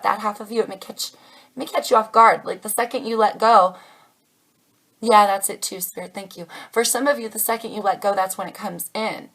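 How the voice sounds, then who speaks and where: A woman's voice: medium pitch, a bit bright, poor audio. A woman giving a casual tarot reading to camera, chatty and reassuring, calling her viewers darlings. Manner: chatty, calls viewers darlings, channels spirit messages. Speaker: tarot reader.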